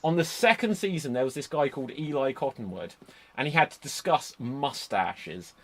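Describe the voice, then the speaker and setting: A man's voice: medium pitch, animated, moderate pace, husky. A man hosting a casual chat, rambling into enthusiastic tangents, speaking into a computer microphone on a remote call. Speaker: podcast host.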